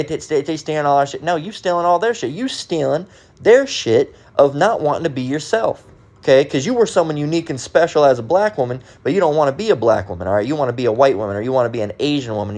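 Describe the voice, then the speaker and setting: A man's voice: mid-range voice, animated, quick pace, darkish tone. A man giving a religious rant monologue, emphatic, repetitive and profane. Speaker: commentator.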